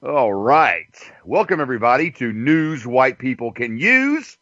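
A man's voice: mid-range voice, sing-song, unhurried, fairly bright tone, dry recording. Crude joking male radio host. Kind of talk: casual talk radio monologue. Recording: dull dry lo-fi sound.

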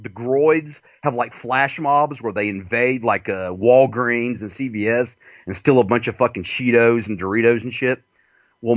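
A man's voice: mid-range voice, a bit bright, dry recording. A man with a Southern US accent hosting a radio show, rambling through a profane comic monologue and laughing often. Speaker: radio host. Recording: dull lo-fi dry sound.

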